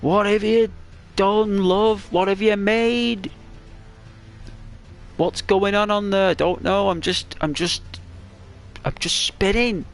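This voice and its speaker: A man's voice: high voice, fairly even intonation, takes it slowly, long pauses, soft background music, voice pushed up. A man voicing the Earth as a young daughter who whines and complains to her mother. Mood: whiny. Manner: plaintive, whining complaints.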